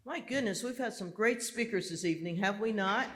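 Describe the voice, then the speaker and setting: A woman's voice: medium pitch, a little fast. A woman hosts an evening summit program, calling for applause and introducing the next guests. Her tone is upbeat, and she jokes easily with the crowd. She uses a plain, middle-range voice. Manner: upbeat, joking with the audience. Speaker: event emcee. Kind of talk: live event hosting.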